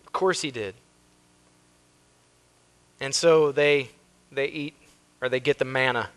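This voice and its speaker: A man's voice: medium pitch, fairly even intonation, slow pace, fairly bright tone, clear, resonant tone. An American man, a pastor preaching a sermon with emphasis, reading scripture aloud and acting out the people in the story. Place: church sanctuary.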